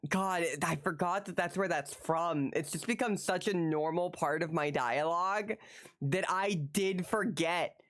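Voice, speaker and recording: With a fairly low, unhurried voice, a woman talks casually to her live-stream audience. She's excitable, swears throughout, and returns to the same phrase repeatedly.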